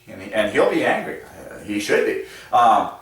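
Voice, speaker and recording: Animated man in an echoey room. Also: on the low side, moderate pace. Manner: animated, chuckles often, playful asides. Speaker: channel host presenting number patterns. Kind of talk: casual explanatory monologue. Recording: echoey room, mic set at a distance.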